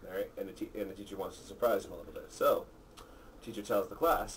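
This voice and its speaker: A man's voice: low voice, steady tone, fast talker, slight background noise. Crude man telling jokes, far from the mic. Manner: crude, swears freely, acts out characters. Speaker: joke teller. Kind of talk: telling dirty jokes among friends. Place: apartment.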